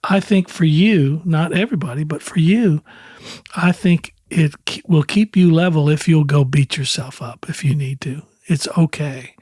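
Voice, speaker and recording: A man in his sixties talks as an interview guest, winding through anecdotes and acting out what others said with easy chuckles. His voice sits a little high for a man. The sound is dry and close. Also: normal speed, husky, dry recording. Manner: relaxed, rambling anecdotes with quoted dialogue and chuckles. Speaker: guest, country singer. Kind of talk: casual storytelling in an interview.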